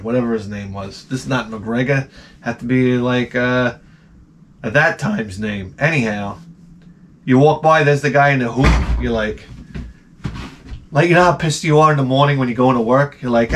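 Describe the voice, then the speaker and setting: A man telling rambling comedic stories in a profane, animated way, often slipping into mocking voices. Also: medium pitch, moderate pace, a little hiss or hum. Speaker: retro gaming vlogger.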